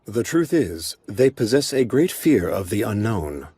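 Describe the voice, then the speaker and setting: A solemn husky golem lord. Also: male voice, lowish voice, sing-song, warm tone, dry recording, exaggerated voice. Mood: calm, solemn. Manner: slow, measured, solemn. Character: towering male golem lord, calm, protective, emotionless. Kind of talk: anime English dub.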